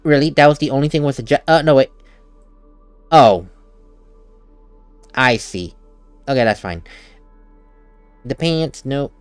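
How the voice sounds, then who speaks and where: A man's voice: medium pitch, unhurried, long pauses, smooth, no echo, soft background music. A man giving casual gameplay commentary as a let's play host, chatty and laughing at himself, at a desk mic at home.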